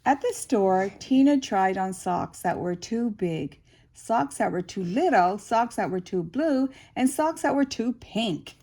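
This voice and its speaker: Older woman slowly reading a picture book. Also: mid-range voice. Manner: warm-hearted asides, slow expressive reading. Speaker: storyteller grandmother.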